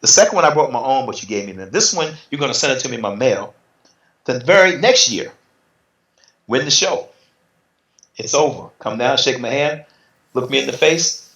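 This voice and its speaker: A middle-aged man telling stories in a casual interview, lively and acting out what others said. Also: medium pitch, normal speed, pauses often. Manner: animated, acts out quotes in other voices. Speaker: interview guest, retired bodybuilder. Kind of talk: casual storytelling. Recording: roomy, slightly dull sound.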